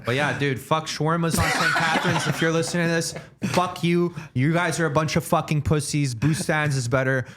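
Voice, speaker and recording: Profane, animated man. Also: a little high, fairly quick, hardly any pauses, slight background noise. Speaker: podcast co-host. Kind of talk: casual chat.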